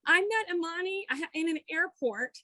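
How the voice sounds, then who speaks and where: A woman's voice: very high voice, lively intonation, normal speed, sharp tone, no echo. A woman co-hosting a video call interview, bubbly and emotional. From Nashville-based. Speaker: co-host and country singer.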